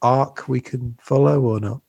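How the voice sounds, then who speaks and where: A man's voice: mid-range voice, steady tone, measured pace, gravelly, darkish tone, husky, no echo, lo-fi sound. A man hosting a casual film discussion, talking loosely with many fillers and restarts. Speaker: podcast host.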